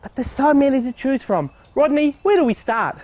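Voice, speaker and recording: Goofy high-voiced man joking. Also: expressive, normal speed, darkish tone, slight background noise. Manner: goofy, playful, cracks silly jokes. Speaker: co-host asking questions. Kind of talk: tongue-in-cheek comedic banter. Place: outdoor plant nursery.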